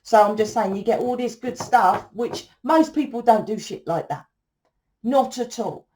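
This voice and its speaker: A woman's voice: on the high side, a little slow, darkish tone. A woman, a tarot reader in a casual spiritual monologue, blunt and profane, rambling and tagging sentences with "right?".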